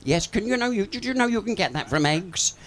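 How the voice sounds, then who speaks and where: On a pub stage, a man who's both comedian and singer runs through bawdy, chatty stand-up, cursing freely and cracking himself up. He sounds high-pitched and animated, talking fairly quickly.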